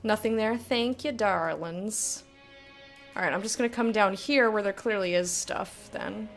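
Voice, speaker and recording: A young woman streaming a game and chatting casually with her viewers, blunt and quick to swear, laughing often and reading their messages aloud. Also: medium pitch, soft background music. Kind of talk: casual live-stream chat while gaming.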